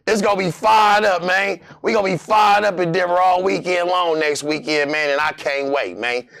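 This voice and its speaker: A man hosting a sports betting show, rambling loosely with lots of "man" and sudden loud outbursts. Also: a little high, gravelly. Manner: rambling, repetitive, fillers like "man". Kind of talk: casual sports betting talk.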